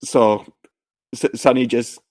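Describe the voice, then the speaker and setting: A man, mid-range in pitch, walks through a film scene by scene in relaxed podcast chat. He jumps into quick impressions of the characters as he goes. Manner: animated retelling, acting out scenes in quick voices. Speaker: podcast co-host. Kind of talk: casual movie recap chat.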